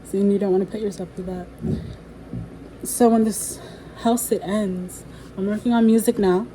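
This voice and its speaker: Young woman, mellow tone, rambling candid monologue, swears and laughs, low energy. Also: steady tone, moderate pace, a little hiss or hum, rough recording. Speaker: spiritual vlogger and musician. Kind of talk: casual spoken monologue.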